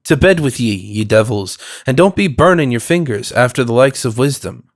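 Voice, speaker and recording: A man voicing a rough Irish man who heckles from his berth, with an Irish accent, speaking gruffly and mockingly. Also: mid-range voice, lively intonation, moderate pace, no room sound, studio quality, close to an everyday voice. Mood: scolding.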